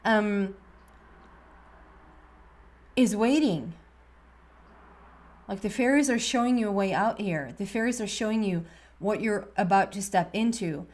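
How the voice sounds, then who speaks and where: A woman giving a monthly tarot reading in a soft, meandering way, often trailing off and restarting her sentences. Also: medium pitch, unhurried, pauses often. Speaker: tarot reader.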